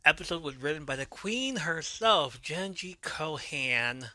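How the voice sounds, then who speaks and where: A man's voice: on the high side, lively intonation, a little slow, pushed and bright, no echo. A man hosting a podcast, casually recapping an episode in a loose manner, swearing now and then and correcting his own slips. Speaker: podcast host.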